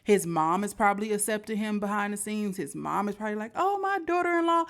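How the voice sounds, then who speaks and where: A woman's voice: medium pitch, a little fast, gravelly. Woman host talking thru a reaction, chatty, asks y'all questions. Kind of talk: casual commentary to viewers.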